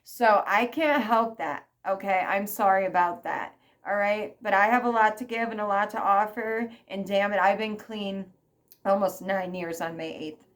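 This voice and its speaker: A woman's voice: medium pitch, a bit bright. Emphatic ranting woman vlogger. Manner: emphatic and repetitive, frequent "okay?". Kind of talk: ranting vlog monologue.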